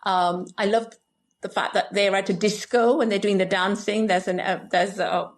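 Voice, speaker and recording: A woman from Malaysia with a Malaysian accent, co-hosting a casual podcast chat, chatty and quick to laugh. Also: mid-range voice, steady tone. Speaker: podcast co-host.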